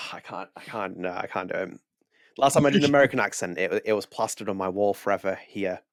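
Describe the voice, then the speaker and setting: A British man chatting on a podcast in a rambling, self-deprecating way, his words tumbling out quickly. His voice sits low with a gravelly edge, and the recording is close and dry, with no room sound. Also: dry recording. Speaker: podcast co-host. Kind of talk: casual podcast chat.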